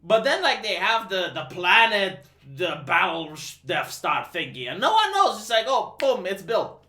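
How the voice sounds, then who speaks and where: A man's voice: sits high, sing-song, normal speed, bright, forceful tone. A man from Romania hosting a livestream, ranting casually about a movie in an incredulous, profane manner. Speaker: livestream host. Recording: roomy echo.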